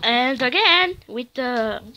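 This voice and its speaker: A woman giving excited commentary over her mobile game, squealing at wins and humming along as she plays. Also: high-pitched, slow pace. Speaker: gameplay narrator. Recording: noisy home recording.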